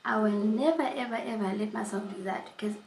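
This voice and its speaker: A woman vlogger telling a personal story in a casual storytime chat, animated and emphatic, often repeating herself. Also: mid-range voice, a little fast, creaky, echoey room, slight background noise, low-quality recording.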